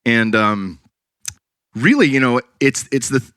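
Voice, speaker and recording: A man's voice: mid-range voice, lively intonation, slow pace, a bit bright, clean tone, dry recording, clean studio sound. A man from the California Bay Area hosting a podcast, talking casually and bluntly and swearing freely. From California Bay Area, USA. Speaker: podcast host.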